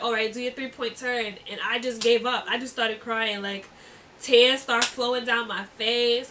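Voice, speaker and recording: A woman's voice: fairly high pitch, sharp tone, far from the mic, a little hiss or hum. A young woman telling a storytime, chatty and giggly, with lots of fillers. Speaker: vlogger. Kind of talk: casual storytime.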